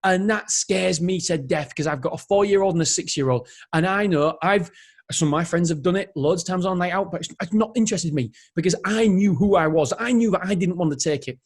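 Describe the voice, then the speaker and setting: A man in his thirties delivers a motivational podcast monologue on his own. His voice sits a little high for a man, and he talks with energy. He rambles and keeps breaking off to correct himself. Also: fairly quick. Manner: energetic, rambling, self-interrupting. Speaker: podcast host.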